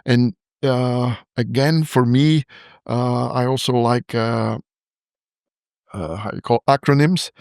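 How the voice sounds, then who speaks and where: A man hosts a podcast conversation, nodding along with frequent yeahs before adding his own thoughts. His voice sits at an ordinary middle pitch, recorded dry and close. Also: slow pace, gravelly, darkish tone, clear, resonant tone, no echo. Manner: affirming, often backchannels with yeah. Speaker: podcast host. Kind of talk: podcast interview.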